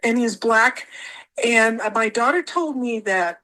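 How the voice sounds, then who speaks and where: A woman's voice: on the high side, animated, a little slow, sharp tone, poor audio. A woman guest telling her stories in a casual interview, rambling and repeating words as she acts out what she said.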